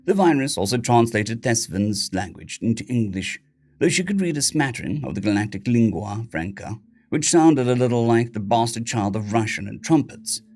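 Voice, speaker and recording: A man narrating a science fiction audiobook in a steady, even storytelling voice. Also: medium pitch, moderate pace. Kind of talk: scripted sci-fi narration.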